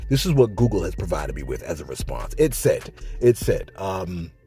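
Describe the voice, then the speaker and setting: A man's voice: low-pitched, moderate pace, faint music behind. A man doing casual vlog commentary, reading viewer comments and answering them, joking with himself and repeating his points for emphasis. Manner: animated, argues with himself, jokey asides.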